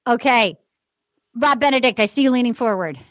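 A woman hosting a podcast, chatting and retelling a TV episode in an animated way. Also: a little high, fairly quick, no echo. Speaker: podcast host. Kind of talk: casual chat, recapping a TV episode.

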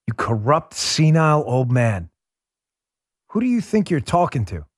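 A man from New York City hosting a podcast, delivering a heated, sarcastic political monologue that rises into shouts. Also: on the high side, sing-song, measured pace, dry recording, clean studio sound. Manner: combative, sarcastic, rising to shouts. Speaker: podcast host.

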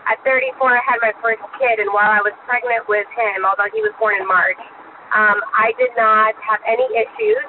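A woman caller leaving a chatty, emphatic voicemail. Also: on the high side. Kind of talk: voicemail message. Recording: phone line with road noise.

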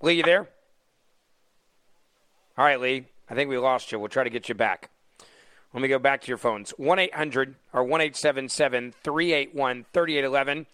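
A man's voice: mid-range voice, moderate pace, long pauses, sharp tone, clear, resonant tone, no room sound. A man hosting a talk radio show, mocking the news with heavy sarcasm and taking calls from listeners.

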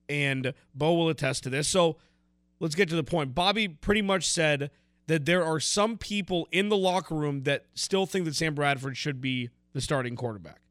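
A man's voice: fairly high pitch, fairly bright tone, dry recording, studio quality. Emphatic American man hosting a sports podcast. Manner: loose, emphatic, talks over his co-host. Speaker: podcast host. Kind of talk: casual sports talk.

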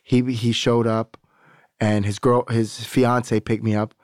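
A man's voice: medium pitch, flat delivery, takes it slowly, a little mellow, no room sound, studio quality. A man guest on a podcast, telling a candid, rambling story with profanity and acting out the other people's lines. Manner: candid, rambling, profane, acts out quoted dialogue. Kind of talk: casual storytelling conversation.

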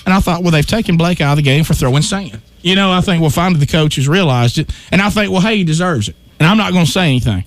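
Male radio host, slightly high, spins a lively story with acted-out shouts. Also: quick pace, hardly any pauses. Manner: animated storyteller, acts out his own shouts. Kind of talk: storytelling on a talk radio show.

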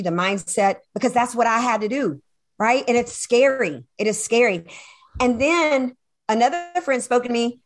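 A woman guest on an interview show, telling a personal story with animated delivery, acting out her own past dialogue and laughing often. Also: medium pitch. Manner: addresses listeners as y'all. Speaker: podcast guest, sales coach.

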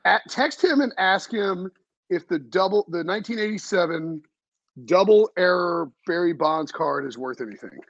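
Husky, rambling podcast host man. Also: sits high, lively intonation, normal speed, fairly bright tone, dry recording, lo-fi sound. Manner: rambling, lots of fillers and restarts. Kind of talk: casual chat.

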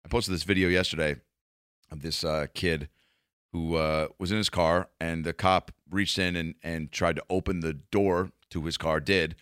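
A man's voice: low voice, fairly even intonation, brisk, a bit bright, smooth, no room sound, studio quality. A man, a comedian, rambling through a profane, casual monologue full of restarts.

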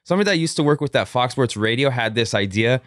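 A man hosting a casual sports podcast, energetic and upbeat, with a sing-song lilt when he opens the show. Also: mid-range voice, fast, no room sound, studio quality. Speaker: podcast host.

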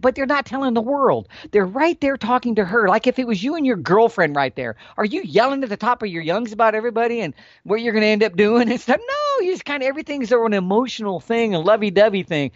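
A man explaining elk calling tactics in a folksy, animated storytelling manner. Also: sits high, no echo, dull audio. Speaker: elk hunting instructor.

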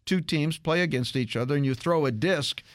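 Radio host guy, kinda high voice, bounces around a lot, dry studio sound. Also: normal speed, dry recording. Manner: animated storytelling with frequent restarts. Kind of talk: casual radio tech chat.

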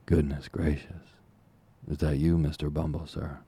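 A man's voice: very deep voice, flat delivery, a little slow, mellow, breathy edge, exaggerated voice. A man voicing a fawning, scheming woman who runs an orphans' home, gushing and falsely humble. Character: fawning scheming older woman, a workhouse nurse.

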